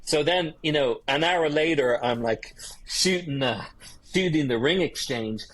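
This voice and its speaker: A man's voice: on the high side, measured pace. A man, a guest photographer telling swear-laced wedding stories in a casual interview. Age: 50s. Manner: swearing, animated anecdotes.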